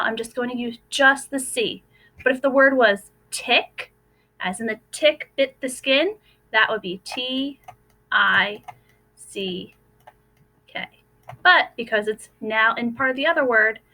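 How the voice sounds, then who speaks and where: Young teacher lady, high bright voice, sounding out letters slow for first graders. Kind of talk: recorded phonics lesson for young children.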